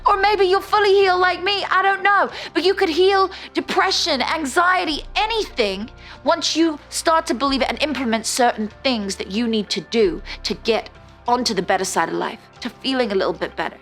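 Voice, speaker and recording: Woman, motivational speaker, high pitch, emphatic, whisper-to-loud swings. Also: normal speed, soft background music. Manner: dramatic swings between soft near-whispers and loud upbeat bursts; emphatic, coaching, addresses viewer directly. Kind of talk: direct-to-camera coaching talk.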